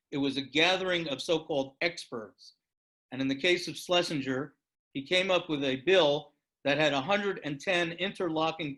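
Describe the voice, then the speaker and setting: Man lecturing, storytelling, encouraging, bright tense voice, fairly high pitch. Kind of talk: lecture with audience questions.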